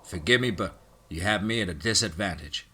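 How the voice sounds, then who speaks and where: Man playing cool-headed squad leader, dry, deep voice. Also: brisk, pushed and bright, a little hiss or hum. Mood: calm. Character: calm, dry-witted male team leader.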